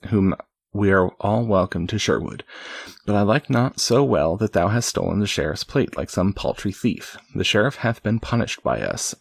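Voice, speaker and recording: A man's voice: on the low side, vocal fry, breathy edge, no room sound, heavily acted. Robin Hood, a man reading as a grave outlaw chief. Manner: slow archaic storybook delivery. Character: honorable outlaw leader, grown man.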